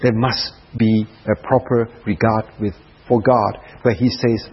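Husky guy preaching at a retreat, slow and dramatic, goes soft and hushed sometimes, muffled lo-fi audio. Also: on the low side, steady tone. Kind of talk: sermon at a prayer retreat.

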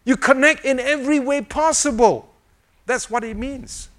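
An older man preaches in a relaxed, conversational way, with a fairly high voice for a man. He keeps asking his listeners rhetorical questions and chuckles now and then. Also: normal speed. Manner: animated, repetitive rhetorical questions, chuckles often. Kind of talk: informal sermon with a fidget toy demonstration.

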